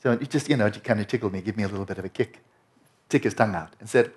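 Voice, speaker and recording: Male meditation teacher with a lowish voice, giving a loose, conversational dharma talk full of restarts. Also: racing, darkish tone. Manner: conversational, rambling with many restarts and "you know".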